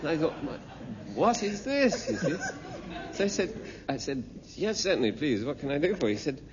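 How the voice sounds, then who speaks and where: A man's voice: a little high, very animated, normal speed, lo-fi sound, a crowd in the background, noisy background. A man telling a chatty anecdote, acting out the dialogue. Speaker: interviewee. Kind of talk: storytelling anecdote.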